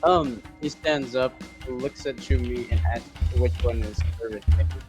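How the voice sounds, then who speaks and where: A man playing in a tabletop game, describing his character's actions in a hesitant, halting way over faint background music. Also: medium pitch. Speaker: player.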